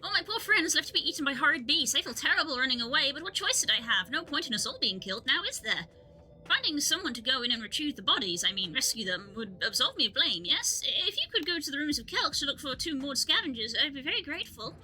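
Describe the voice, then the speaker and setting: A woman's voice: sits high, sing-song, fast talker, pushed and bright, pitched above the performer's own voice, exaggerated voice, low-quality recording. Woman doing a whiny guilty coward. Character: guilt-ridden cowardly survivor begging for help.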